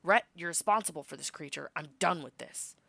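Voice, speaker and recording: A woman's voice: sits low, brisk, vocal fry, pushed and bright, no echo, heavily acted. A woman voicing a red-faced, blustering male colony governor who snarls orders. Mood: curt. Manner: snarling, commanding.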